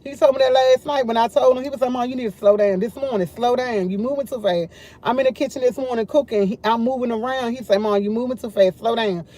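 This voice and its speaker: A woman's voice: a little high, quick pace, mellow. A woman hosting a casual morning livestream, chatting and rambling directly to her viewers. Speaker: livestream host.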